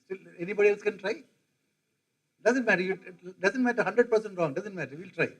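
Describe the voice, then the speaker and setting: A man's voice: high voice, fairly quick, breathy edge, rough recording. An older man gives a conversational classroom lecture, quizzing his audience. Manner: conversational, quizzes the audience, mimics regional accents. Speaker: professor lecturing.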